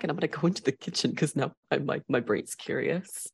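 A woman's voice: sits low, fairly even intonation, fast, gravelly, breathy edge. A woman player in a tabletop game, self-deprecating and giggly.

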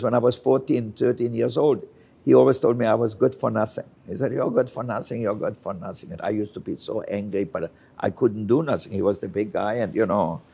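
An older Austrian chef with a fairly low, creaky, mellow and slightly rough voice is interviewed, telling candid anecdotes and acting out the people in them with quoted voices.

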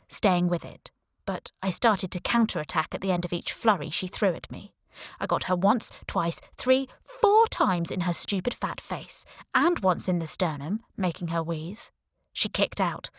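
Female audiobook narrator, lower register, wry sarcastic first-person read, dead-dry booth sound. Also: no room sound.

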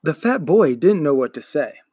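A man, a podcast host, reading a children's book aloud in an expressive storytelling manner. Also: a little high, normal speed, husky, no room sound, studio quality. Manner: expressive, acts out the characters.

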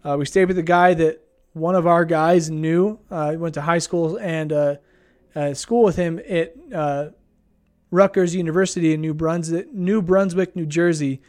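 A young man with a fairly high voice recounts his trip in a loose, rambling vlog style. He talks laid-back and easygoing, dropping plenty of ums and uhs along the way. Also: fairly even intonation, moderate pace, darkish tone. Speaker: vlogger. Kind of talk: casual travel storytelling.

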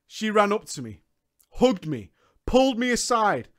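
A man's voice: high-pitched, sing-song, measured pace, a bit bright. A man reading a story aloud and breaking into mocking asides, laughing often as he comments.

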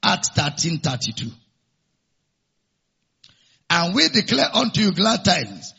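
A man's voice: high voice, sing-song, unhurried, creaky, pauses often, bright, forceful tone, slightly rough, lo-fi sound. A man preaching a sermon and leading the congregation in call-and-response declarations. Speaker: pastor.

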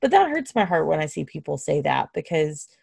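Rambling woman guest with a creaky voice. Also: low-pitched, sing-song, brisk, darkish tone, no room sound, studio quality. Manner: rambling, self-deprecating, heavy use of "like". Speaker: podcast guest, content creator. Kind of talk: casual interview chat.

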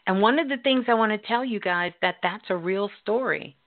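A middle-aged woman radio host telling a story in a slow, drawn-out, emphatic way. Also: medium pitch. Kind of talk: storytelling talk. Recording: tinny phone-like line.

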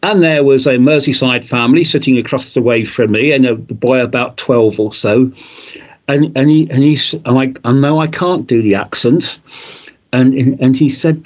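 A man's voice: medium pitch, moderate pace. A man on a podcast panel telling a story, emphatic and repeating words as he starts. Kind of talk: anecdotal storytelling.

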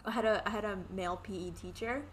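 A woman's voice: mid-range voice, quick pace, a little hiss or hum. A young woman co-hosting a podcast, telling stories casually, acting out quotes and laughing often. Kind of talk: casual chat.

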